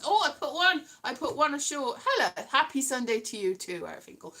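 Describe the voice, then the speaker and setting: A woman's voice: high-pitched, big pitch swings, a little fast, hardly any pauses, music in the background. A woman hosting a casual livestream from home, rambling and self-deprecating, now and then singing her lines. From Wales. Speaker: livestream host.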